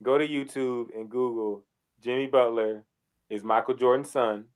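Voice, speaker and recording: A man co-hosting a casual sports podcast, animated, with loud outbursts and heavy swearing. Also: medium pitch, normal speed, clean tone. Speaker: podcast co-host.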